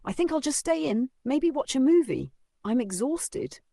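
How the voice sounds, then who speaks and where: A man's voice: very high voice, sing-song, moderate pace, vocal fry, dark tone, no echo, pitched above the performer's own voice, full character voice. A man voicing a frightened young woman who speaks in a tense, guarded way in a narrated story.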